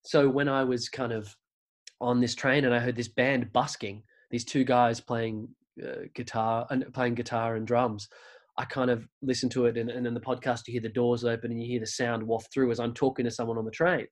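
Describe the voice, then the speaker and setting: A man's voice: medium pitch, flat delivery, normal speed. Australian man telling a rambling story. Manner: rambling, many restarts and fillers. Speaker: podcast guest. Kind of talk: casual conversational storytelling.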